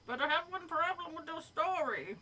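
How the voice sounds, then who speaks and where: Figure: a friendly green blob monster, as a woman reads it. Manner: chummy and enthusiastic. Sound: high and bright. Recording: a little distant from the mic. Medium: storybook reading. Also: expressive, moderate pace, full character voice.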